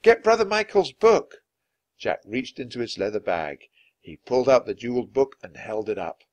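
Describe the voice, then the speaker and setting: A man reading a children's adventure book aloud, expressive and dramatic. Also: fairly low pitch, fairly quick. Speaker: storyteller.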